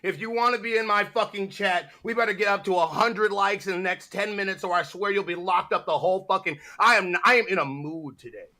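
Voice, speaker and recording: A man hosting a casual livestream, ranting loudly and swearing constantly. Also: high-pitched, brisk, few pauses. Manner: profane, ranting, loud. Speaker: stream host.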